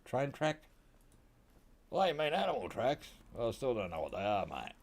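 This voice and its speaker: Australian male streamer, low voice, chatty and joking, gameplay commentary. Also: huge pitch swings, quick pace. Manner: joking, chatty, talks to the animals on screen. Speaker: gaming streamer.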